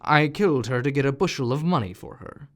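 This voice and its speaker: A man voicing a mean, greedy peasant who talks in a gruff, threatening way, in a storybook reading. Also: mid-range voice, lively intonation, fairly quick, natural voice.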